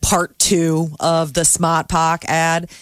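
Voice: mid-range voice, completely flat delivery, takes it slowly, fairly bright tone, smooth, dry recording. Chatty radio co-host, dry close sound. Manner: chatty, explains at length with many fillers. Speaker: radio morning show co-host. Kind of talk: casual radio banter.

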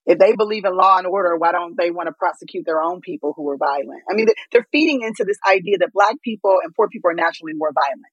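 A woman's voice: fairly low pitch, fast talker, hardly any pauses, breathy edge, no room sound, muffled recording. A woman guest giving emphatic political commentary, firing off rhetorical questions. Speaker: guest, political organization CEO.

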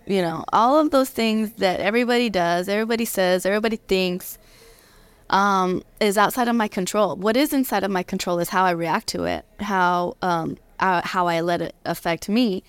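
A woman's voice: medium pitch, normal speed, clear, resonant tone, no room sound. A woman guest talking earnestly in an interview, reflective and repeating herself as she thinks. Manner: earnest, reflective, many restarts. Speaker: guest, professional fighter. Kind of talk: conversational interview. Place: convention interview.

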